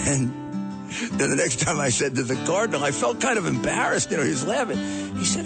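Lively New man telling a story. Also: a little high, a little fast, gravelly, loud music behind the voice. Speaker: guest recalling a friend. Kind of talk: recorded tribute anecdote.

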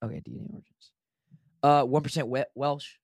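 A man's voice: medium pitch, fairly even intonation, brisk, a little mellow, no echo, clean studio sound. A man co-hosting a podcast, chatting casually, teasing and telling stories. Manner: joking, teasing, tells anecdotes. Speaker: podcast co-host. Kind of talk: casual chat.

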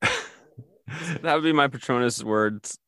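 A man's voice: mid-range voice, a little slow, bright, forceful tone, clear, resonant tone. A man co-hosting a comedy podcast, tossing in playful, silly asides. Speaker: podcast co-host. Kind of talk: casual comedy podcast chat.

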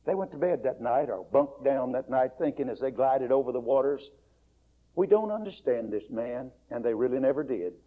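A male preacher retelling a story in a folksy, dramatic sermon, swinging between soft, quiet passages and loud, raised ones. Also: medium pitch, a little fast, hardly any pauses. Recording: muffled lo-fi recording.

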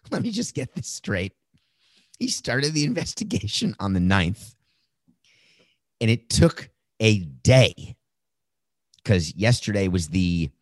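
A man's voice: low-pitched, no room sound. A man hosting a sports talk show, giving sarcastic, incredulous commentary with laughing asides. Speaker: host.

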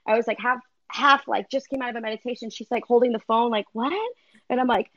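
A chatty woman talks freely in a fairly high voice, swearing casually and laughing along. The sound is dull and dry, like audio taken from a live stream. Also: fairly even intonation, fast, a bit bright, dry recording. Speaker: podcast guest. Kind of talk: casual chat.

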